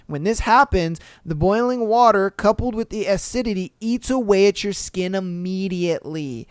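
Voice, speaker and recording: A man hosting a podcast, reading stories aloud and reacting with profane, animated, exaggerated commentary. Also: high-pitched, normal speed, hardly any pauses, smooth, no echo, clean studio sound. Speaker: podcast host.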